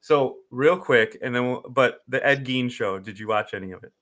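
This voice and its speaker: A young adult man from Wisconsin co-hosting a podcast, loud and jokey, often breaking into silly voices. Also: medium pitch, normal speed. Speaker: podcast co-host. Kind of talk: casual chat.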